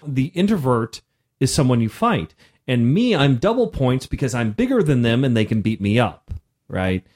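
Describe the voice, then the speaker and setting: A man's voice: medium pitch, normal speed. A man in his thirties telling a story in casual podcast chat, acting out voices as he goes. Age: 30s. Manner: animated, acts out voices in his stories. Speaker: podcast co-host.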